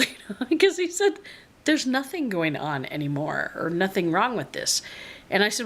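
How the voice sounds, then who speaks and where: Excitable woman vlogger telling a story. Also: medium pitch, moderate pace. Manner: rambling, excitable, animated retelling with laughs. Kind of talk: casual storytelling to camera. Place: in a car.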